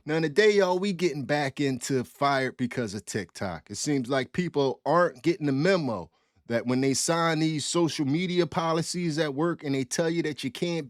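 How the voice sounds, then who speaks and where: A man hosting a reaction channel, giving blunt, relaxed commentary in informal slang. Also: on the high side, moderate pace, no echo, clean studio sound.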